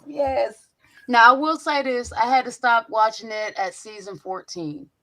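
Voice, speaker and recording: Young woman host, brash and lively, cursing through casual stories on a video call. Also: on the high side, unhurried. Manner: animated, profane storytelling. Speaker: podcast host. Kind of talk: casual chat.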